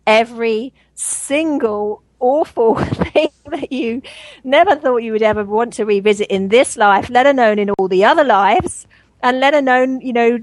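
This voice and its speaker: A woman with a fairly high voice appears as a guest on a spiritual talk show, talking earnestly and at length at a moderate pace, with lots of fillers and laughs. She comes through a radio show line with no room sound, and the recording is low quality.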